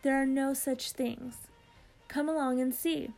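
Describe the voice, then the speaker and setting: A woman's voice: high voice, steady tone, a little slow, gravelly, a little mellow, faint music behind, low-quality recording. A woman reading aloud as a polite, cheerful male cartoon mouse. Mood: friendly. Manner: courteous and cheerful.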